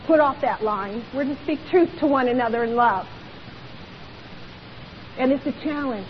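A woman preacher with a high-pitched voice delivers an emphatic church sermon at a moderate pace, filled with rhetorical questions. The recording is dull and lo-fi, with long hall reverb and faint hiss.

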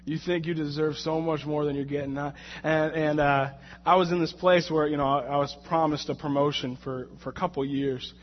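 Brief: young male preacher, fairly high voice, animated and jokey, stumbles and repeats words; sermon in a church hall. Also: fairly quick, slight background noise. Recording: muffled, in a reverberant hall.

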